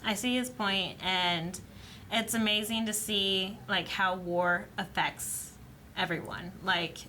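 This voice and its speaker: A woman co-hosting a casual reaction chat, thoughtful and measured, laughing easily. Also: mid-range voice, steady tone, bright, forceful tone, slight background noise, low-quality recording. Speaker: co-host reacting to a TV episode.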